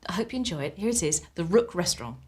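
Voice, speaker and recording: A woman's voice: fairly low pitch, expressive, fast talker, heavy background noise. A woman presenter introducing a comedy sketch with enthusiasm. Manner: warm and enthusiastic about the sketch.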